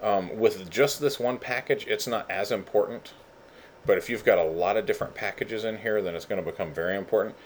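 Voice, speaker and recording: A man running a casual screen-share software tutorial, goofy and rambling with lots of fillers. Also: fairly low pitch, a little fast, slight background noise. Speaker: instructor.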